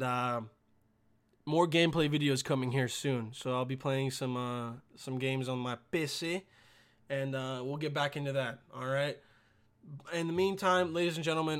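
High, bright-voiced young man ranting profanely. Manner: profane, rambling, jokey; swings between mumbling and shouting. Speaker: podcast host. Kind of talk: casual rambling monologue.

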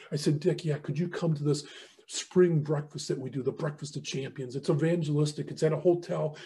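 A man's voice: fairly high pitch, fairly quick. A middle-aged man telling a faith story as a guest speaker, acting out both sides of each conversation. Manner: animated, acts out both sides of dialogue. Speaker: ministry leader and guest speaker. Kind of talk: storytelling testimony.

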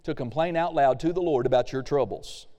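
A man's voice: medium pitch, fairly quick, warm tone, big-room sound. A male pastor preaching a casual sermon, reading scripture aloud and acting out the quoted complaints.

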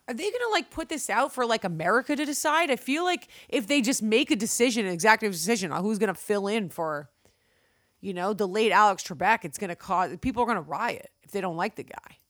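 Animated, swearing woman podcast co-host. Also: medium pitch, brisk. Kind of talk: casual podcast chat.

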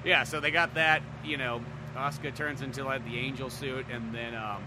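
A man's voice: medium pitch, steady tone, normal speed, background noise. A man co-hosting a podcast in casual chat, joking, swearing and laughing often. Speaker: podcast co-host.

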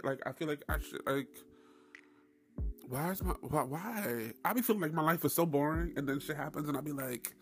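A man hosting his own podcast, telling a story in a loose, profane, animated way with frequent laughs. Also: on the high side, normal speed, faint music behind. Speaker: podcast host. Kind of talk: casual solo podcast monologue.

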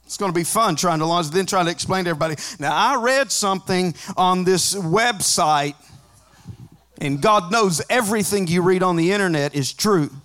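High-voiced preaching man. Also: normal speed. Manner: builds to shouting, sing-song preaching cadence; conversational asides with humor. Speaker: pastor. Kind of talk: sermon.

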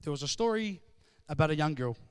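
High-voiced male preacher. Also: animated, quick pace, slight background noise. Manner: rising to loud, emphatic call-and-response; conversational storytelling. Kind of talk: sermon.

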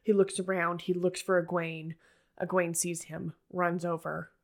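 A woman's voice: fairly low pitch, little pitch movement, unhurried. A woman in casual chat retelling scenes from a TV episode, full of "like" fillers and quoted lines.

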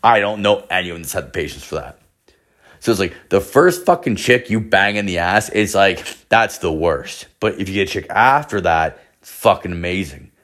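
A young man with a low voice tells a long, swear-filled story in a loose, rambling way. He keeps saying "like" and acts out what his friends said, all in a casual monologue. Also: lively intonation, normal speed, fairly bright tone. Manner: profane, rambling, heavy filler words. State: hungover.

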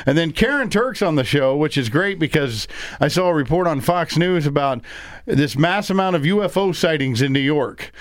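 A man hosts a talk radio show with opinionated, joking banter. His voice sits a bit high and comes through a close studio microphone with no room sound at all. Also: animated, moderate pace, no echo. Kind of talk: conservative talk radio commentary.

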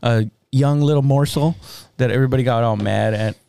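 A laid-back man in his thirties talking crudely and casually, pausing and clearing his throat as he goes. His voice sits in a middle pitch with a dry, close sound. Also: warm tone, no room sound.

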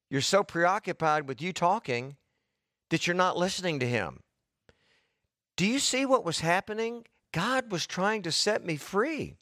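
A man's voice: high-pitched, fairly bright tone, dry recording, clean studio sound. Earnest preacher man with a lilt. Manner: earnest, conversational, addresses congregation by name. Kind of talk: sermon.

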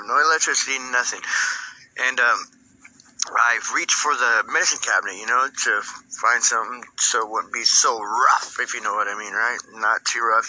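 A man's voice: mid-range voice, sharp tone, rough recording. A man telling a crude personal story in a profane, rambling way, tagging lines with "right?".

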